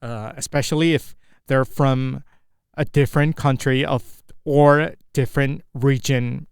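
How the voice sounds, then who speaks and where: A young Indonesian man, a native Indonesian speaker, practicing spoken English on his own, often halting and correcting himself while he searches for words, with an Indonesian accent. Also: medium pitch, fairly even intonation, creaky, clean tone, no echo, clean studio sound. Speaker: English learner.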